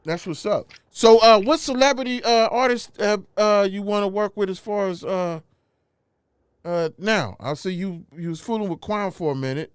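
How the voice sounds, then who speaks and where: A man's voice: sits high, normal speed, clear, resonant tone, no room sound, studio quality. A man hosting a casual interview show, easygoing and joking as he asks questions. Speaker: host.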